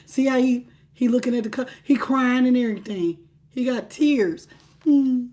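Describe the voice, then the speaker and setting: Lady reading tarot live, kinda high voice, chatty, says stuff twice for emphasis. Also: normal speed. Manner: animated, talks straight to the viewer and greets chat by name; repeats phrases for emphasis. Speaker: tarot reader.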